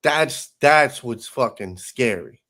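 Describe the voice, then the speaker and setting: A man's voice: medium pitch, animated, slow, pushed and bright. A man co-hosting a podcast in casual chat, swearing freely and rambling with lots of restarts. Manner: profane, rambling with many restarts. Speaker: podcast co-host.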